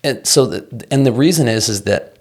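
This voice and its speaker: A man's voice: medium pitch, animated, normal speed, breathy edge. A middle-aged man, a guest songwriter, talking casually and animatedly in an interview, restarting sentences and swearing freely.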